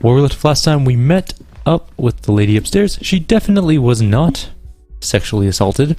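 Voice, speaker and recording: A man's voice: mid-range voice, lively intonation, moderate pace, dark tone, slight background noise. A man hosting a video game let's play, chatting casually and reading the game's text aloud in his own plain voice.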